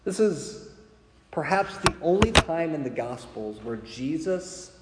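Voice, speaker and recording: A man's voice: a little high, sing-song, slow, heavy background noise. Man preaching in an echoey hall. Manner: conversational, frequent "right?" asides, chuckles. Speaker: pastor. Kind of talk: sermon.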